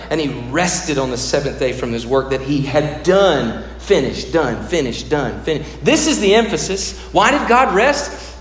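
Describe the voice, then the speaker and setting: A man with a high voice preaches a sermon in a large hall, and the long reverb trails after his words. He swings between raised emphasis and hushed, drawn-out low passages. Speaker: pastor.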